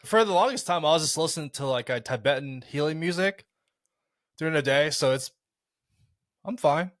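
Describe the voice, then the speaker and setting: A man's voice: a little high, expressive, normal speed, a bit bright. A married man and podcast co-host telling a rambling story, often stammering and restarting his sentences. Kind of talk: casual storytelling.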